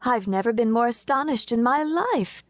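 A woman's voice: medium pitch, expressive, moderate pace, dry recording, natural voice. A woman reading a playful, teasing young lady. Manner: playful and demure.

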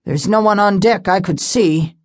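Woman playing a gruff old sea pilot. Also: medium pitch, moderate pace, dry recording, voice pushed up, close to an everyday voice. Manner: gruff, muttering.

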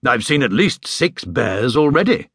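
A man's voice: mid-range voice, big pitch swings, measured pace, fairly bright tone, slightly rough, dry recording, full character voice. A man voicing a good-humoured middle-aged father with a dry, teasing manner. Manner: dry, teasing, a little sheepish.

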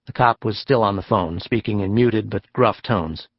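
Low-voiced male audiobook narrator. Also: moderate pace, no room sound, dull audio. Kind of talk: scripted narration.

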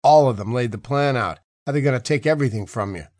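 A man's voice: mid-range voice, quick pace, darkish tone, dry recording, studio quality, natural voice. A man voicing a sneering, bullying male cop who taunts and curses in an audiobook. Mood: taunting. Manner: taunting, crude.

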